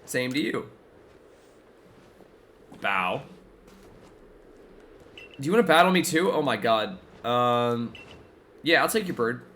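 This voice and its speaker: Bright-voiced man streaming a game. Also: medium pitch, expressive, slow pace, pauses often. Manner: chatty, reacts aloud to the game. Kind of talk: casual gameplay commentary.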